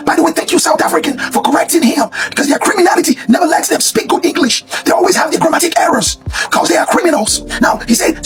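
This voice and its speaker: A hoarse man with a strikingly high, strained voice delivers a preachy, repetitive rant as reaction commentary. Music plays clearly underneath him. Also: animated, quick pace, few pauses. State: hoarse, lost voice.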